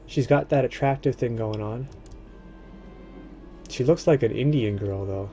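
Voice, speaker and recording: Mellow-voiced man muttering through a game. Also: unhurried, soft background music. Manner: muttering to himself, trailing off low. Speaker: streamer playing a strategy game. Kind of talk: casual thinking aloud while gaming.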